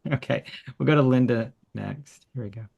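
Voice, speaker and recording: A man's voice: medium pitch, measured pace, gravelly, a little mellow, breathy edge, dull audio. A man hosting an online art workshop over a video call, giving enthusiastic, encouraging feedback. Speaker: workshop host.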